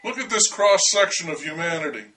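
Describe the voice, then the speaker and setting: A man's voice: a little high, animated, a little fast, sharp tone, distant mic. A man voicing a scheming male TV reporter who talks in a wheedling, scornful way. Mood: pushy.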